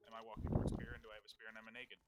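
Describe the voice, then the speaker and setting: A man's voice: fairly low pitch, monotone, very fast. Young man, gaming banter, goofy, mumbly asides, heavy background noise. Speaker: streamer's gaming friend. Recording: loud background noise on stream audio.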